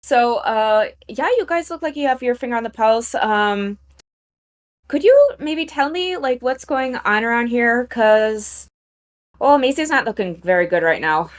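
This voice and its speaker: A young woman takes her turn in a tabletop game, thinking aloud in an unhurried, halting way. Her voice sits a little high and she leans on fillers before committing to a line. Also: expressive. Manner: hesitant, filler-heavy. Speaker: player.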